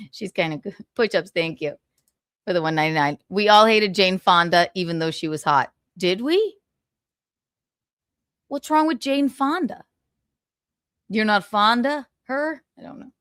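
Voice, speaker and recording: A woman's voice: medium pitch, a little slow, pauses often, fairly bright tone, clean tone, no echo, clean studio sound. A woman hosting a casual pop-culture gossip livestream, chatty and giggly, saying she is exhausted. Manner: chatty, giggly, tired asides. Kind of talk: casual chat.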